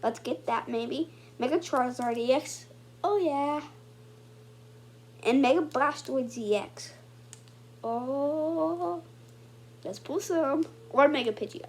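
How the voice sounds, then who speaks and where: Excitable high-voiced woman opening card packs. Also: slow, long pauses, a little hiss or hum. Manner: excitable, swings from muttering to squealing. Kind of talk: casual unboxing commentary.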